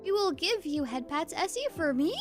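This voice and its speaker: A woman's voice: very high voice, animated, moderate pace, faint music behind. A woman streamer chatting casually with her viewers, bubbly and giggly, reading chat aloud.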